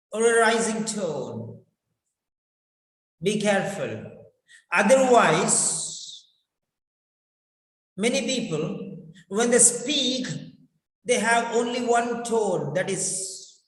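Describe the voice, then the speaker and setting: A man teaching a speaking lesson, talking deliberately and repeating key words for emphasis. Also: high voice, fairly bright tone. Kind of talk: spoken lesson. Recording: echoey room with long reverb.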